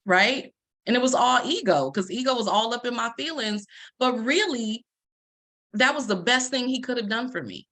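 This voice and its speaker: A woman's voice: fairly high pitch, expressive, moderate pace, fairly bright tone. A woman, a life coach telling a personal story to an audience and acting out the lines she quotes. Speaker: life coach and Reiki practitioner.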